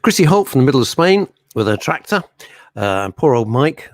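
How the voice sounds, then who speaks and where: A man's voice: mid-range voice, very animated, a little fast, dry recording, studio quality. Rambling middle-aged male radio host. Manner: rambling, anecdotal storyteller. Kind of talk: casual radio chat. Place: radio studio.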